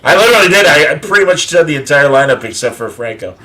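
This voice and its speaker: A man's voice: on the high side, big pitch swings, fast talker, pushed and bright. A man hosting a casual online chat show, rambling through a list with many fillers and restarts. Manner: rambling, filler-heavy listing with frequent uh and restarts. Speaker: podcast host.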